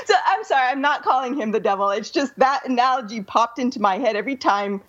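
A woman's voice: on the high side, animated, fairly quick, few pauses, a bit bright, highs cut off. A woman co-hosting a casual talk show, telling a story in a chatty way. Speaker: podcast co-host. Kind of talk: casual chat.

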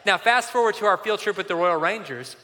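A man in his forties preaches a conversational, animated sermon, leaning into a story from the pulpit. His voice sits a bit high and rings bright and forceful. Long reverb from the big church hall trails behind him. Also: fairly quick. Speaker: pastor.

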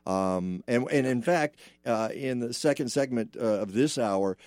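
A man's voice: mid-range voice, unhurried, darkish tone, no room sound. Chatty man hosting from a dry studio. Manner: chatty, rambling, lots of filler. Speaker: radio show host. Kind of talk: casual studio chat. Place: radio studio.

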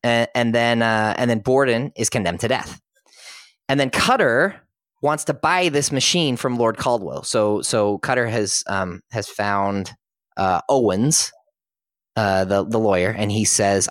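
A man's voice: medium pitch, normal speed, fairly bright tone, dry recording. Man, casual film recap, podcast talk, quoted lines, dry close sound. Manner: storytelling, quoting characters conversationally. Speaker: podcast panelist.

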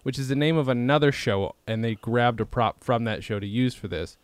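A man hosting a podcast, telling rambling stories in casual chat, swearing freely and slipping into quick impressions. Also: mid-range voice, clear, resonant tone, dry recording. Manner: rambling storytelling with profanity and impressions. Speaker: podcast host.

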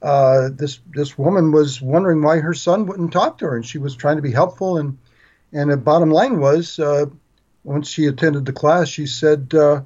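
A man's voice: a little high, moderate pace. Earnest man with slightly muffled audio. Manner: earnest, steady explaining with small restarts. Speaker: guest author on parenting. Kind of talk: podcast interview.

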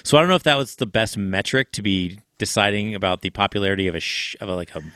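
A man's voice: fairly low pitch, animated, fast talker, fairly bright tone. A man co-hosting a podcast, giving blunt, profane opinions in casual chat. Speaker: podcast co-host.

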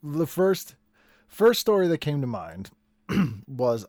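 A man from the Boston area, a comedian guest telling wry, animated stories in casual chat. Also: on the high side, takes it slowly, no echo.

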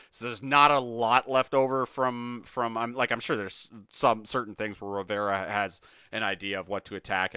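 A man's voice: medium pitch, pushed and bright, clean tone, no room sound, highs cut off. A man hosting a casual sports betting podcast, talking in an emphatic, ranting way. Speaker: podcast host.

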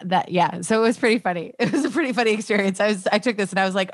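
A woman's voice: mid-range voice, very fast, dry recording. A woman hosting a podcast in a chatty, casual way, laughing often as she talks. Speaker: podcast host. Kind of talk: casual chat.

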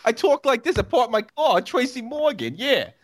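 A man on a casual podcast putting on a loud, shouting impression of a comedian. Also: very animated, moderate pace, dry recording, heavily acted. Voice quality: shouty high put-on voice.

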